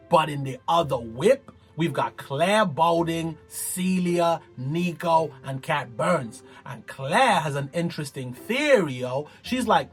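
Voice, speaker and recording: A man's voice: fairly high pitch, lively intonation, unhurried, hardly any pauses, fairly bright tone, husky, soft background music. A man hosting a casual reality TV recap, slangy and playful, with dramatic exclamations. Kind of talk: casual show recap commentary.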